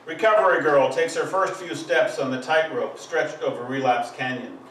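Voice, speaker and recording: A man's voice: on the high side, normal speed, fairly bright tone, a little hiss or hum. A man giving a live poetry reading, with a rhythmic, emphatic delivery that drives through long lists. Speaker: poet. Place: live poetry event venue. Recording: echoey room, distant mic, faint ambience.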